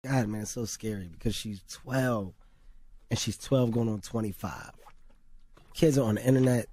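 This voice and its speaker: A man's voice: lowish voice, moderate pace, mellow. A man, a talk show guest, speaking emphatically, laughing and cursing as he talks.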